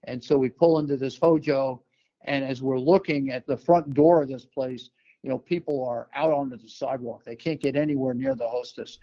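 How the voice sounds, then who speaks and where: An older man from New York telling a personal story as an interview guest, relaxed, with many fillers and restarts. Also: medium pitch, moderate pace, highs cut off.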